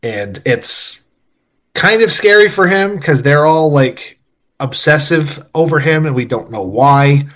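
A man's voice: a little high, animated, measured pace, fairly bright tone. A man co-hosting a casual film discussion podcast, recapping the plot with opinionated asides. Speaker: podcast co-host.

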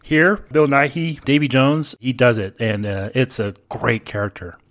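A man's voice: medium pitch, fairly even intonation, unhurried, fairly bright tone. A man co-hosting a podcast, chatting casually and enthusiastically about a film as it plays, with emphatic praise. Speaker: podcast co-host. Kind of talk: casual movie commentary chat.

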